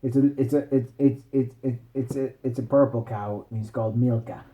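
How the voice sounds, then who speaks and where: A man's voice: medium pitch, fairly even intonation, brisk, echoey room, narrow, tinny audio, natural voice. A man voicing a boastful, rambling friendly man in a made-up bedtime story. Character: boastful friendly Irish man, rugby fan.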